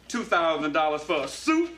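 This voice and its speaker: An exasperated middle-aged police boss, scolding in a high, swooping voice. The film clip sounds roomy, with noise behind it. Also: male voice, a bit bright, full character voice. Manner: scolding, incredulous questions.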